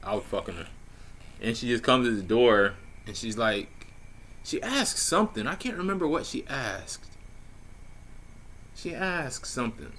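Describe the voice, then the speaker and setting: A man's voice: mid-range voice, animated, a little slow, pauses often, a bit bright, a little hiss or hum. A man casually telling a personal story, laid-back and slangy with plenty of swearing and fillers. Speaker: vlogger telling a dating story.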